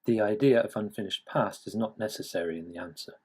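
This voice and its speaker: A man narrates an English grammar lesson from a script. His voice sits a little low and has a husky edge. He explains each point at a measured, even pace. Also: low-quality recording. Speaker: English teacher.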